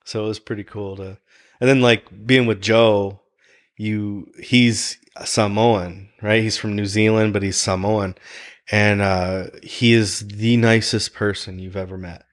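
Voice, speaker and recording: A man talking casually on a podcast, telling animated stories and laughing often. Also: on the low side, unhurried. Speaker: guest, fighters' chef.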